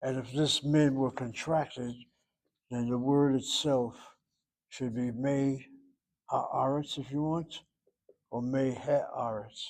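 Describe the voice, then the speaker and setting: A middle-aged man teaching Hebrew in a classroom lecture, thinking aloud and pausing to search for terms. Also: medium pitch, steady tone, a little mellow.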